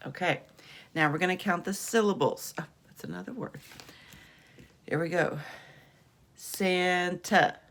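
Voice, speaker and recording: A woman teacher leads young children through a phonics lesson, stretching out each letter sound and coaxing them along. She speaks very slowly, in a lowish voice with a gravelly edge. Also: fairly bright tone. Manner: slow, encouraging, drawn-out sounds for kids.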